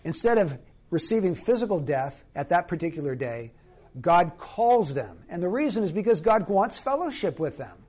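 A man with a notably high voice delivers a sermon. He preaches earnestly, leaning on key words and slowing to drive points home. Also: very animated, darkish tone, husky. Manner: earnest, emphatic preaching with slow, stressed phrases.

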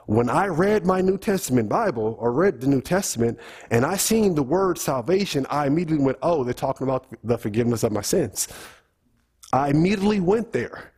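Husky-voiced man preaching a sermon. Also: fairly high pitch, a little mellow. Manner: teaching, asks the congregation questions. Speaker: pastor. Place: church.

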